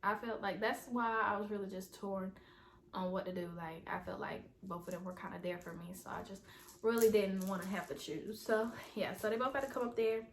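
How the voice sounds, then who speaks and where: A woman's voice: mid-range voice, steady tone, fairly quick, a little hiss or hum. A young adult woman vlogger in a casual storytime video, rambling and talking straight to her viewers. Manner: chatty, rambling, talks straight to viewers as "y'all".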